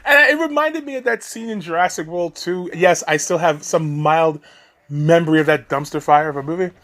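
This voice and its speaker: High-voiced man on a profane rant. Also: moderate pace, fairly bright tone. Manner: profane, exasperated, laughs between points. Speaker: video commentator. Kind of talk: ranting commentary.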